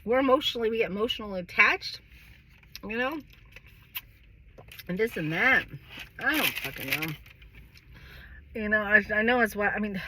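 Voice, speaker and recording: Middle-aged woman, candid vlog monologue, slightly high and very bright tone, rambling and profane. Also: slightly rough. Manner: rambling, heavily profane, sighing and laughing. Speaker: vlogger.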